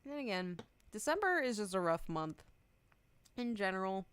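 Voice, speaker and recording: A woman's voice: mid-range voice, big pitch swings, normal speed, a bit bright, clean tone. A young adult woman streamer chatting casually, rambling, giggling often and swearing freely. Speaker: VTuber streamer.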